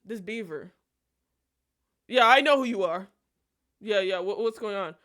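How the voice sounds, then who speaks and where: A woman's voice: mid-range voice, unhurried, a bit bright, natural voice. A woman voicing her laid-back young male ex, who talks in a nonchalant drawl.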